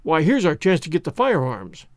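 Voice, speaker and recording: A man's voice: fairly high pitch, huge pitch swings, normal speed, no echo, clean studio sound. A man reading an eager, treacherous ship's officer. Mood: plotting. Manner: eager and plotting.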